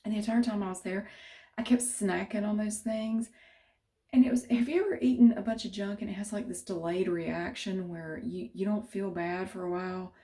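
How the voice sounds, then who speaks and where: Woman, vlogger, casual chat to camera, tired, rambling, mellow tone. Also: medium pitch, steady tone, moderate pace. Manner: rambling, chatty, self-correcting.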